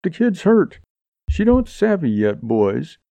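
A man's voice: on the high side, big pitch swings, slow, creaky, mellow, dry recording, pitched above the performer's own voice, full character voice. A man voicing a frontier doctor among outlaws, speaking in a soothing, coaxing drawl. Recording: dull lo-fi audiobook recording.

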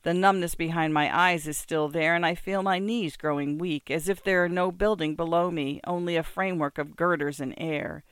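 A storyteller reads a first-person literary passage in a measured, descriptive way. The voice is smooth and clear at a mid pitch, recorded close and dry. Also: steady tone, a bit bright, no room sound. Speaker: narrator.

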